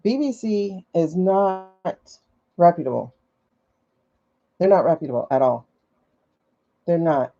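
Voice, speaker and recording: A woman's voice: on the low side, takes it slowly, pauses often, mellow. A woman hosting a casual livestream from her phone, chatty and skeptical, thinking aloud with many fillers. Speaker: livestream host. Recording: dull lo-fi livestream audio.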